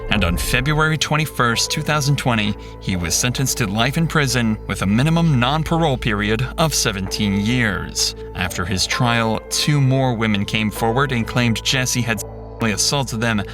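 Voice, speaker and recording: A man narrating a true crime story in a measured, grave, scripted manner. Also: mid-range voice. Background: background music.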